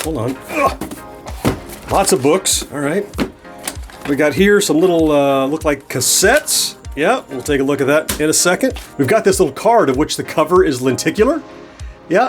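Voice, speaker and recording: A man in his forties hosting a nostalgia channel, chatting enthusiastically while unboxing and thinking aloud. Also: on the high side. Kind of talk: casual unboxing narration. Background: soft background music.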